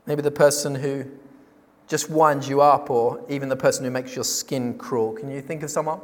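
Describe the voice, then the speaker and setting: A man preaching a sermon, emphatic, posing rhetorical questions and slowing down on key words. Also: medium pitch, steady tone. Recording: long reverb of a large hall.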